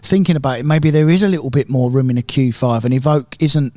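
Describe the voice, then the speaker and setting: A man's voice: mid-range voice, quick pace, warm tone, no echo, studio quality. A man co-hosting a car podcast, blunt and matter-of-fact, often calling his friend mate. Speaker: podcast co-host. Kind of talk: casual chat.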